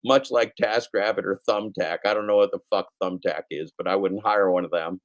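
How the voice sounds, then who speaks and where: A man's voice: low voice, steady tone, brisk, dull audio. A middle-aged man hosting a podcast, riffing crudely and mockingly on the news, his throat scratchy and his voice worn out from daily shows. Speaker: podcast host. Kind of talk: profane comedic news riff.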